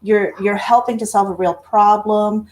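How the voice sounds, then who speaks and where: A woman's voice: mid-range voice, steady tone, normal speed. A woman co-hosting an interview, speaking earnestly and appreciatively to the guest. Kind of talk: casual interview chat.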